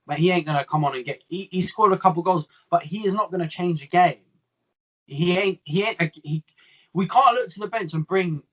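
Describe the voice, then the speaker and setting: Brief: young man, fairly high voice, calm analysis with a frustrated edge. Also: low-quality recording. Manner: measured, analytical, exasperated. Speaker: co-host. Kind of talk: casual football chat.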